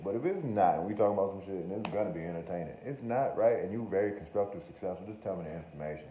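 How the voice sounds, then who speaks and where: Low-voiced man rambling profanely. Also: fast talker, dark tone. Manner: profane, joking, self-interrupting. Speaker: podcast host. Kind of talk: rambling comedic monologue. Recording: roomy echo with faint room noise.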